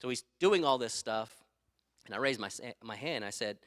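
A man's voice: mid-range voice, expressive, moderate pace, a bit bright. A middle-aged man preaching a sermon as pastor, emphatic and repeating his key phrases, with stories from his own life.

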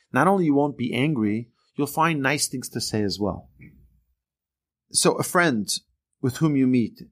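A man, a rabbi, giving an informal class on character traits in a conversational, animated way, often acting out quoted speech. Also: medium pitch. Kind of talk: informal Torah class lecture.

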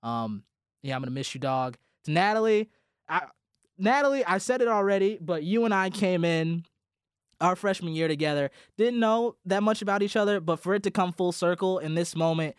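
Young male student broadcaster, sentimental farewell, smooth clear voice, dry studio sound. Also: high-pitched, expressive, moderate pace, dry recording. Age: young adult. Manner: rambling, heartfelt, with restarts and laughter. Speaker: college radio host. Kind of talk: emotional farewell speech on air.

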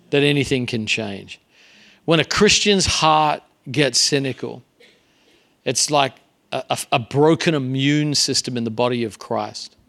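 A man's voice: mid-range voice, a bit bright. Earnest man preaching a sermon. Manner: conversational, earnest, frequent filler "uh". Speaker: guest pastor. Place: church sanctuary.

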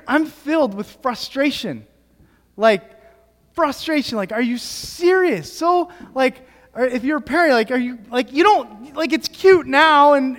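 A young pastor with a strikingly high voice tells a story in a relaxed, rambling way, leaning on fillers and false starts. His sermon rings out with a long reverb from the church sanctuary. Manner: casual storytelling with many fillers.

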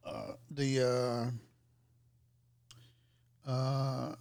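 A man's voice: medium pitch, level tone, very slow, gravelly, a little mellow, no echo. A man in casual chat who speaks hesitantly with many ums and uhs and a wry edge.

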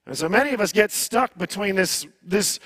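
High-voiced male pastor preaching. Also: expressive, moderate pace, a bit bright, dry recording. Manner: conversational preaching with rhetorical questions. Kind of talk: sermon.

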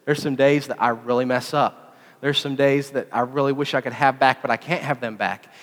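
A man giving a sermon in a lively, conversational way, often repeating phrases for emphasis. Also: medium pitch, normal speed, big-room sound. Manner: animated, conversational preaching with repetitions.

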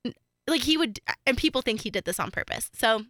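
A woman's voice: on the high side, lively intonation, fairly quick, fairly bright tone, no echo. A young woman co-hosting a true crime podcast, chatting casually with lots of fillers and laughs. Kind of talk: casual chat.

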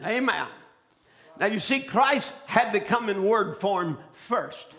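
A man preaching a fiery sermon, shouting his points, calling out to the congregation and often repeating and restarting phrases. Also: sits high, expressive, takes it slowly. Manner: preaching with shouted exclamations and call-and-response.

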